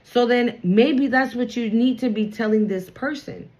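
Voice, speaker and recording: A woman's voice: a little high, a little slow, darkish tone, rough recording. A woman giving a casual spiritual card reading to her viewers, chatty and blunt, swearing freely and reassuring them.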